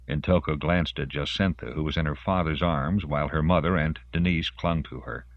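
A man narrating a story in an expressive storytelling voice. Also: very deep voice, normal speed, few pauses, dry recording, lo-fi sound. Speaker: audiobook narrator. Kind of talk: scripted narration.

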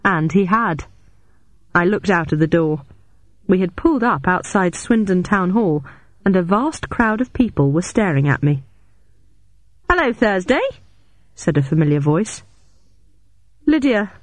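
A man's voice: high voice, expressive, normal speed, no room sound. A man narrating a first-person story steadily, as an audiobook reader.

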